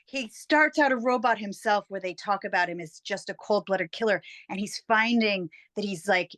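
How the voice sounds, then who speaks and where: A woman's voice: medium pitch, moderate pace, hardly any pauses, fairly bright tone. A woman from San Francisco, a guest on a film podcast, reflecting thoughtfully on a movie's themes. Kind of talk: casual movie discussion.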